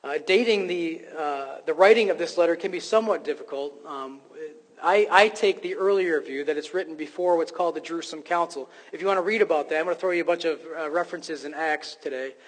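A man's voice: fairly high pitch, fast talker, big-room sound. A man preaching a sermon, earnest and emphatic, often restarting his sentences with fillers. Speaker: pastor.

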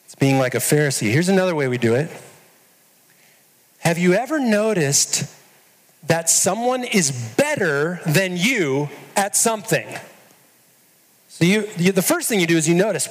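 A man's voice: high voice, sing-song, measured pace, big-room sound, rough recording. A man preaching a sermon as pastor, earnest and putting direct questions to his listeners.

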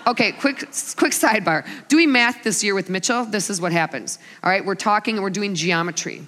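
A woman in her forties preaching a sermon to a live gathering, an animated storyteller who acts out her family's lines. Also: mid-range voice, moderate pace. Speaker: women's ministry speaker. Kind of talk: sermon with humorous stories. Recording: long hall reverb.

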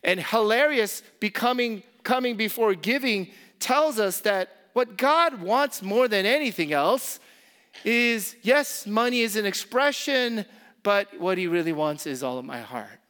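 A man preaching a sermon as pastor, impassioned, repeating key phrases and swinging from loud emphasis to soft, intimate asides. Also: high voice, expressive, a little slow, clean tone.

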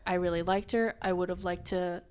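A woman co-hosting a casual chat about a TV show, talking in a blunt, animated way and laughing easily. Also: on the low side, a little fast, clear, resonant tone.

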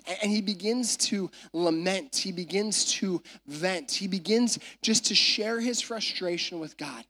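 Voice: mid-range voice, a little slow, hardly any pauses, fairly bright tone. A pastor preaching a sermon from a church stage, talking in a chatty storytelling way with frequent asides to the audience.

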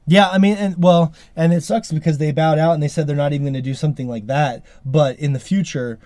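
A man's voice: a little high, fairly even intonation, brisk, darkish tone, no echo. A man hosting a podcast in casual chat, talking emphatically and grumbling with frustration. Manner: emphatic, exasperated, sweary. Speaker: podcast host.

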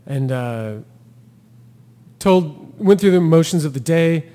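A man's voice: fairly high pitch, takes it slowly, in a large hall. A man, a thru-hiker guest on a podcast, telling his story in casual talk and acting out the quotes with laughter. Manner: animated storyteller who acts out quotes and laughs.

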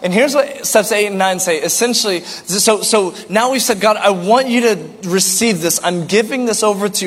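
High-voiced pastor preaching in a hall. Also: male voice, fairly quick, few pauses. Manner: earnest, repetitive preaching with rhetorical questions and light jokes. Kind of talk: sermon.

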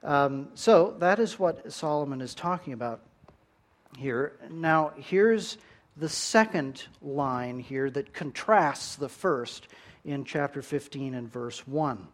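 A man preaching a sermon, telling stories in an animated way with big swings in loudness. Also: medium pitch, slow.

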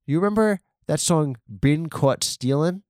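Rambling comedian man, lively pitch. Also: measured pace, no room sound, studio quality. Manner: digressive, rambling, mock arguments with himself; bursts into loud high sung shouts.

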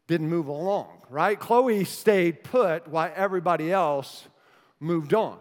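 High-voiced pastor preaching in a hall. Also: male voice. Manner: conversational, joking, then earnest. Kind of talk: sermon. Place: church sanctuary.

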